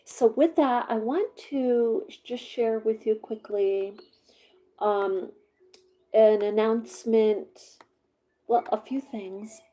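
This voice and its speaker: A woman from Vermont chatting casually to her camera, rambling with many fillers, her voice a little hoarse as she works through a cough drop. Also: a little high, fairly even intonation, slow pace, mellow, poor audio. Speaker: vlogger.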